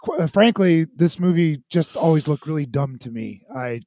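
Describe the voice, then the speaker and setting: A man's voice: fairly high pitch, expressive, normal speed, mellow, no echo, studio quality. A middle-aged man co-hosting a movie podcast, wry and often restarting his sentences. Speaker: podcast co-host. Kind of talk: casual movie chat.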